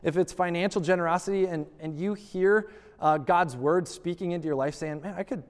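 A man's voice: high voice, normal speed. A male pastor preaching a sermon to his congregation, stressing key words by repeating them. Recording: long reverb of a large hall.

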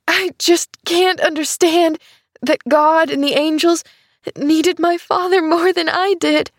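An eager little orphan girl, as a woman reader puts her on, high and breathless, speaking slowly in a dry, close recording. She sounds earnest and bright in this storybook reading. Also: breathy edge, dry recording. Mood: sobbing. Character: cheerful earnest orphan girl, around eleven.

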